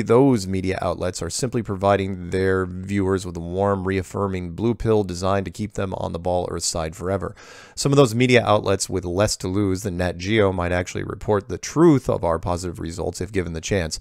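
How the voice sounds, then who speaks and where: Male host, deep gravelly voice, dry close sound, reads emails and digresses casually. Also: moderate pace, darkish tone, no echo. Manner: digressive, breaks off to comment and correct. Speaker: host answering viewer emails. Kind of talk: casual reading and answering of emails.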